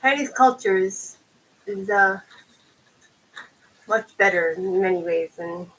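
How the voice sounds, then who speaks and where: A woman's voice: mid-range voice, takes it slowly, fairly bright tone, low-quality recording. A woman chatting casually with her live viewers in a rambling way, tossing them lots of questions. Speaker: tarot reader chatting with livestream viewers.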